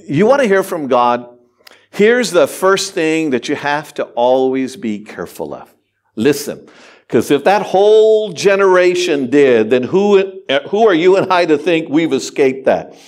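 A male pastor delivering a sermon in a church, his voice sitting high for a man. He speaks animatedly to the congregation, mixing humor with his points. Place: church sanctuary.

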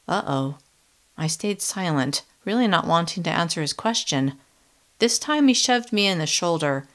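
A woman reading a first-person young adult novel in a steady, measured audiobook narration. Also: on the low side.

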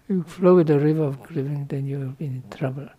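A man's voice: on the high side, normal speed, lo-fi sound. A man, a Buddhist monk, giving a dharma talk to students in loose, non-native English, asking "no?" to check understanding and laughing lightly. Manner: loose, playful teaching with frequent tag questions like "no?" and small laughs.

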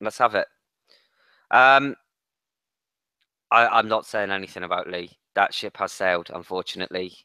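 A man's voice: deep voice, moderate pace, pauses often, pushed and bright, smooth, no room sound. A man co-hosting a late-night football podcast, blunt and sweary, often restarting his sentences. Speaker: podcast co-host. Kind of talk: casual late-night chat.

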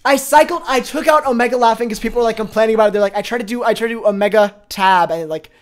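Excitable chatty male streamer. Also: high-pitched. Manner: excitable, chatty, quick to laugh and exclaim. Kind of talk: live gaming stream chat.

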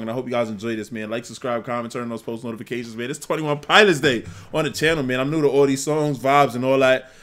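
A young man hosting a music reaction channel, excitable and slangy, rambling with lots of fillers. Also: mid-range voice. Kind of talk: casual reaction commentary.

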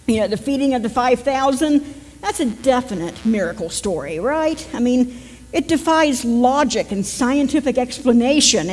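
A woman's voice: sits high, a little mellow, big-room sound. A woman pastor with a West Virginian accent, giving a conversational sermon and joking with her congregation. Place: church sanctuary.

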